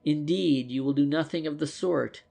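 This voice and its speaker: A man voicing a determined young plainclothes policeman in a detective audiobook, speaking earnestly and forcefully. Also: a little high, normal speed, vocal fry. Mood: intense.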